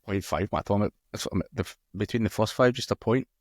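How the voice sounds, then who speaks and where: Male co-host, casual and chatty, slightly low voice, dry close recording. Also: a little fast, dry recording. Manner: relaxed, chuckles often, reads out match results. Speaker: co-host of a darts podcast. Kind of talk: casual chat.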